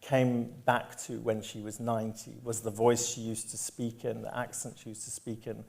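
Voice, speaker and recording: A middle-aged man from Zimbabwe, an author talking onstage who stumbles and restarts a lot in conversation, then reads from his memoir in a measured way. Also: medium pitch, little pitch movement, vocal fry, darkish tone. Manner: hesitant with many restarts when talking, measured when reading aloud. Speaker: author and guest. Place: onstage at a public talk.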